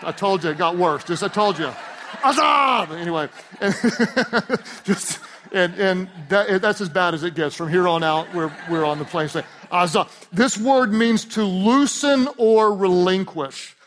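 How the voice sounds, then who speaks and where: A man with a high voice preaching to a large church. He is animated and jokey, and he often leans on punchlines and call-and-response lines. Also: normal speed, slight background noise. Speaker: pastor. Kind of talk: sermon.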